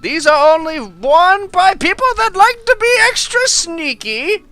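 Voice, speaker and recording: A man voicing a tiny, cranky old male gnome shopkeeper who talks in a high, loud, rude and impatient voice. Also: very animated, a little slow, heavily acted. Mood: brusque.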